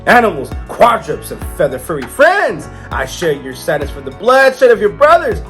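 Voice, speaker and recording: A man's voice: high-pitched, huge pitch swings, normal speed, pushed and bright, faint music behind, exaggerated voice. A man voicing a pompous male bull who rules a castle, speaking in a put-on accent with a speechifying manner. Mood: orating.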